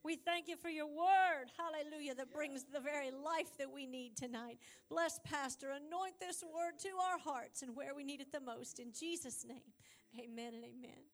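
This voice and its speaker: A woman's voice: high-pitched, normal speed. A woman leading a fervent spoken prayer in church, heard from across the room. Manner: fervent and earnest.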